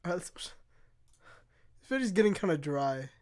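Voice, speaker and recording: A young man streaming live, chatting casually and excitably while reacting to videos, laughing often and swearing freely. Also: high-pitched, normal speed.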